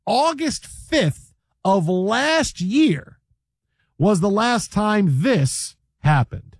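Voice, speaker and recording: Joking high-voiced male sports host. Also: very slow, dry recording. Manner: animated, joking, repeats words. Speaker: sports talk show host. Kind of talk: casual sports chat.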